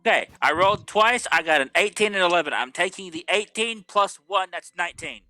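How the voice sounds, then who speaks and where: A man's voice: high-pitched, expressive, fairly quick, sharp tone, no room sound, faint music behind. A man playing a tabletop game who reports his dice rolls and makes dry, teasing remarks. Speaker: player.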